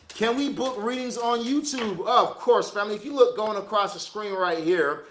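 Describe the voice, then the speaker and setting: Man, high and bright voice, casual slangy tarot reader on a livestream who laughs a lot, echoey room. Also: a little slow, a little hiss or hum. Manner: laughing, slangy, joking asides.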